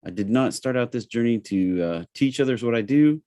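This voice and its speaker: A man with a Southern accent hosting a live trading webinar, talking in a relaxed, chatty way with plenty of fillers. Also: medium pitch, brisk, no room sound, studio quality. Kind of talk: casual live webinar presentation.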